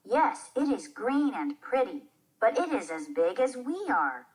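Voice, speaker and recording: A practical, caring storybook mother, read aloud by a woman, slow and lively in pitch. Plain reading voice. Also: breathy edge, exaggerated voice. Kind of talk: reading a children's play aloud.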